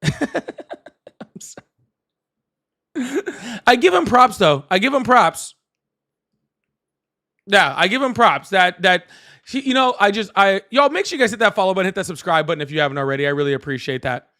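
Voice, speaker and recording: A man hosting a live call-in political stream, animated, laughing often and thanking viewers. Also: high voice, quick pace. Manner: apologetic, excitable. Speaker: livestream host.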